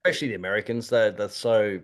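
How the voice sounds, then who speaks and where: Laid-back Australian man, low voice. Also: fairly even intonation, fast talker. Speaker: guest. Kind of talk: casual chat on a video call.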